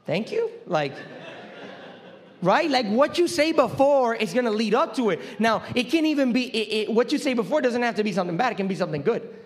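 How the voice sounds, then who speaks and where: A young male pastor preaches a sermon in a loose, conversational style and jokes with his congregation. His voice sits high for a man. He talks in an animated, lively way. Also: brisk.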